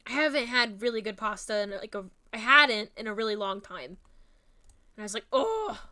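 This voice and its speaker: A woman's voice: mid-range voice, a little fast, bright, forceful tone. A young woman with a New Jersey and Philadelphia-area accent, chatting casually on her stream in a rambling, self-mocking way and giggling often. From New Jersey, USA. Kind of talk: casual chat.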